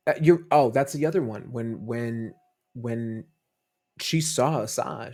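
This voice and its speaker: Brief: a dad guesting on a fan chat show, rambling and warm-hearted, with gravelly vocal fry. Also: male voice, mid-range voice, takes it slowly. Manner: rambling storytelling with many fillers and restarts. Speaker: podcast guest. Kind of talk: casual interview chat.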